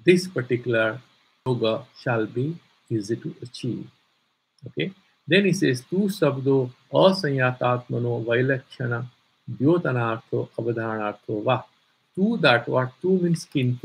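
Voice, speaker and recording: A man's voice: medium pitch, lively intonation, measured pace, gravelly, husky, low-quality recording. A man teaching a scripture class, explaining commentary and searching aloud for words. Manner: searches aloud for words, many fillers, stresses key terms.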